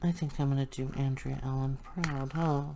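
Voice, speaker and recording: A woman's voice: extremely low pitch, steady tone, normal speed, noisy background. An older woman chatting casually and thinking aloud as she works through a craft tutorial. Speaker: crafting channel host.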